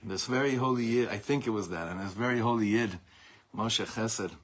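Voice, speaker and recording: A middle-aged man, a rabbi giving an informal Torah talk to a small group, telling animated stories with laughter and mixing Hebrew and Yiddish words into his English. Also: lowish voice, a little fast. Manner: animated, rambling storytelling with frequent laughter.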